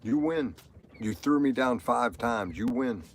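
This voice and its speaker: A man's voice: medium pitch, animated, slow pace, slight background noise. A middle-aged man talking on a live stream, rambling and repeating himself with strong emotion. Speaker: livestreamer. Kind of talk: live stream monologue, reading chat.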